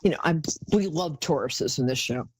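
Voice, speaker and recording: A woman's voice: low-pitched, moderate pace, a little mellow, breathy edge, dry recording, low-quality recording. A woman hosting a live call-in psychic show, talking in a chatty, rambling way and calling callers darling.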